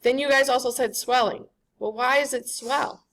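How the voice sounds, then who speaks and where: Gravelly-voiced woman lecturing a class. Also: high-pitched, fairly even intonation, moderate pace, a bit bright. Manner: conversational, often checks in with "right?".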